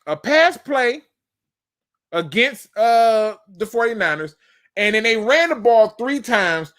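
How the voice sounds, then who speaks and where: A man's voice: extremely high pitch, very animated, slow, fairly bright tone. A man hosting a live sports talk show, emphatic and fired-up, breaking down game film and talking straight to his audience. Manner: addresses the audience as "y'all". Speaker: host.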